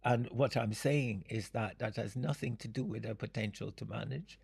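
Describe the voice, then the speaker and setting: An older man from Jamaica, speaking in an interview, unhurried and fond of analogies, often breaking into laughter. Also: fairly low pitch, fairly even intonation, creaky, darkish tone, breathy edge. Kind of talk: reflective storytelling.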